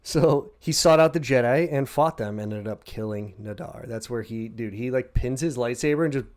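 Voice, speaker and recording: Over beers, a male podcast co-host recaps a story with heavy swearing, breaking into quick shouted impressions. His voice is mid-range.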